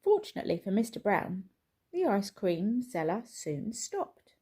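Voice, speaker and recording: A woman reading a children's picture book aloud in a slow, expressive storytelling manner. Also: medium pitch, husky.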